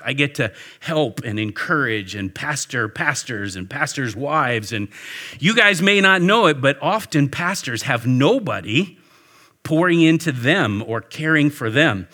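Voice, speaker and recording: A man, a pastor, telling a lively story to a church audience and talking back and forth with them. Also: medium pitch, a little slow. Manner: animated storyteller, talks with the audience. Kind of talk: storytelling sermon. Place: warm indoor church hall with an audience.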